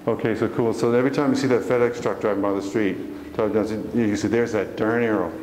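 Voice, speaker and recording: Speaking briskly in a voice on the low side with fairly even intonation, a man gives an earnest, folksy motivational talk to a live church-hall audience, often questioning them. The recording is echoey, from far off, with background noise.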